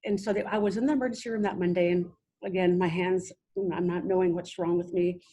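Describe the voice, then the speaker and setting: A young adult woman, a podcast guest, telling her own story in a halting way with many restarts. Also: lowish voice, steady tone, warm tone, a little hiss or hum. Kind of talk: personal storytelling interview.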